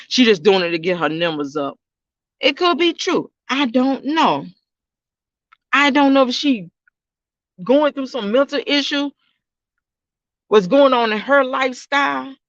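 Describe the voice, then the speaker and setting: High-voiced man, loose casual vlog talk. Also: fairly bright tone, dry recording, lo-fi sound. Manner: rambling, repeats himself, talks straight to viewers. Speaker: YouTube reaction channel host.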